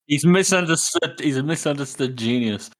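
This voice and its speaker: A man's voice: on the high side, expressive, measured pace, poor audio. A man co-hosting a book podcast, adding wry, laughing comments to the conversation. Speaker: podcast co-host. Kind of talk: casual book-discussion chat.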